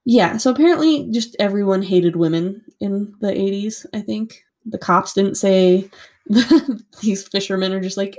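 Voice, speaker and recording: A woman's voice: mid-range voice, unhurried, a little mellow. A woman casually recounting a true-crime story to a co-host, chatty with lots of "like" and free swearing.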